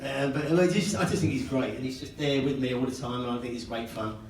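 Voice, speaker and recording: A man's voice: mid-range voice, fast talker. Older guy doing a father of the bride speech, jokey, laughs at himself, echoey far-off hall recording. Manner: joking and self-mocking, laughing between lines. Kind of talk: wedding speech. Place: wedding reception hall, indoors. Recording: echoey hall, distant and noisy.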